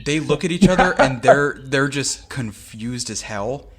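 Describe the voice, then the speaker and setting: A man narrating a tabletop game as game master, relaxed and descriptive with frequent fillers. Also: mid-range voice, a little slow, a crowd in the background.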